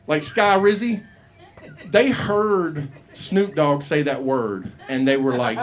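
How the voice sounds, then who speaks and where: A man's voice: on the high side, takes it slowly. Rambling, profane man doing stand-up. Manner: rambling, profane, laughs at own jokes. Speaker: stand-up comedian. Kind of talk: open mic stand-up. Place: small comedy bar.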